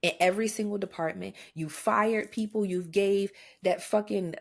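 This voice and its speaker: A young adult woman co-hosting a podcast, talking in blunt, profane, animated rants in casual chat. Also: medium pitch, moderate pace, vocal fry. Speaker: podcast co-host.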